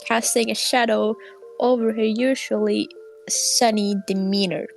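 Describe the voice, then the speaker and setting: A woman reading a children's bedtime story aloud in turns, soft-spoken, a little shy and giggly, with soft music behind her. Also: fairly high pitch, steady tone, measured pace, creaky, rough recording. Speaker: storybook reader.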